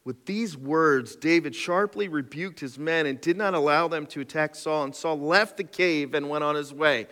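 A man's voice: a little high, moderate pace, hardly any pauses, fairly bright tone. A male pastor preaching a sermon, reading scripture and breaking off for joking asides. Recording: long hall reverb.

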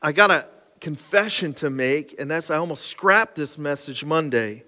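A man's voice: on the high side, lively intonation, moderate pace, pushed and bright. A man preaching a sermon to his congregation, conversational and self-deprecating, with casual asides. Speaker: pastor. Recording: live sermon with long hall reverb and faint music.

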